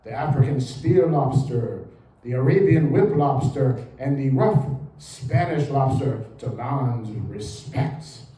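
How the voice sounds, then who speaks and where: A man putting on a put-on British accent to play an older male nature documentary narrator, reading slowly and dramatically in a roomy hall. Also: medium pitch, animated, dark tone, distant mic. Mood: solemn wonder. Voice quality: slow, measured, dramatic narration. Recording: roomy hall with faint ambience.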